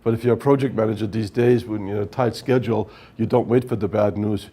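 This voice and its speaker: A man's voice: on the low side, fairly even intonation, fairly quick, warm tone. A man giving a workshop lecture on project management, explaining step by step and often checking with "right?". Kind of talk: technical lecture at whiteboard.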